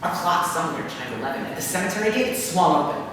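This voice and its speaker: A man's voice: high-pitched, animated, fast talker, background noise. Man telling a comic story onstage, echoey hall. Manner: conversational, lots of fillers and self-interruptions. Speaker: solo stage performer. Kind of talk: one-man comic stage monologue. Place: theater stage. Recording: echoey live theater from far off.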